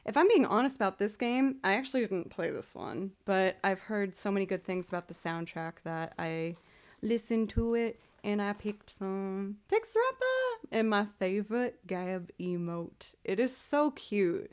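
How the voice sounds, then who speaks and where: A woman's voice: mid-range voice, animated, unhurried, soft background music. Woman, young adult, livestream host, casual chat, friendly, talkative. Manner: chatty, greets viewers by name. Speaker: livestreaming musician.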